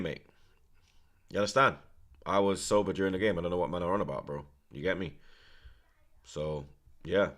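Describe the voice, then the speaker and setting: A man's voice: sits low, moderate pace, pauses often. Slangy man reacting to football. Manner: slangy, swearing, bursts into shouting at goals. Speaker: football watchalong host. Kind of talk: live match reaction commentary.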